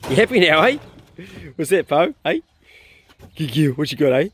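A man's voice: a little high, big pitch swings, a little fast, slight background noise. A man with a New Zealand accent narrating a casual outdoor vlog on a farm, swearing freely and chatting to the animals. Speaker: vlogger and hunter.

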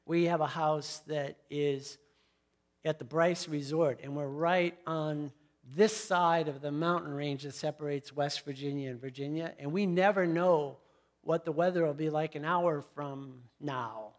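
Middle-aged guy preaching, high voice, chatty storytelling with lots of asides to the room. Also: steady tone, measured pace. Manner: storytelling, conversational asides to the congregation. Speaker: pastor. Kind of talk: sermon.

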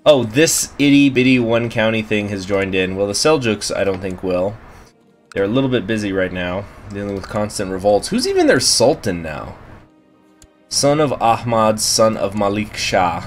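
Man, low voice, let's play host, casual, thinking aloud, faint music behind. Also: animated, normal speed. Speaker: gaming channel host.

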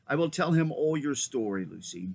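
A man voicing a great male lion, grave and kingly, with a lower, slow, solemn delivery in a storybook reading. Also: animated, creaky, darkish tone, a little hiss or hum. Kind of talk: storybook read-aloud.

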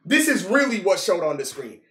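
Male streamer, casual and profane, pitch leaping up and down, slightly high voice. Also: fairly quick, background noise. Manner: animated, exclaiming, profane, says bro constantly. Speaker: live streamer. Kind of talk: casual live-stream reaction commentary.

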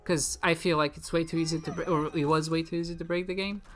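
This gaming video creator is a woman with a deep, steady voice who talks fast. Her let's-play commentary is casual and rambling as she plays, chatty and self-deprecating, with frequent giggling and restarts. There's faint music in the background.

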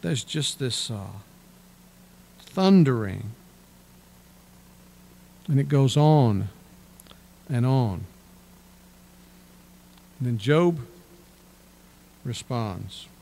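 A man's voice: medium pitch, expressive, very slow, creaky, pauses often, warm tone. A male pastor preaching a sermon in a church, reading scripture aloud and then explaining it in plain words. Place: church sanctuary.

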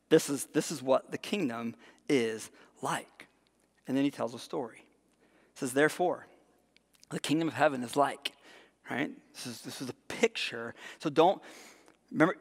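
A man preaching a sermon as pastor, animated and conversational, tossing in frequent rhetorical asides. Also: fairly high pitch, in a large hall. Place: church sanctuary.

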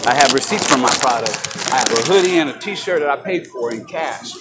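A man's voice: medium pitch, animated. A man filming himself on a phone in a large store, heated and profane in an angry confrontation. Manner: heated, profane, fast-talking. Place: large retail store indoors. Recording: loud store noise behind. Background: store ambience.

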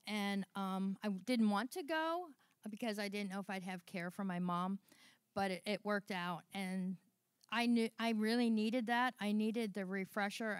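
A woman giving a rambling, halting testimony at a church service, full of restarts. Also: mid-range voice, clear, resonant tone, no room sound, studio quality. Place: church sanctuary.

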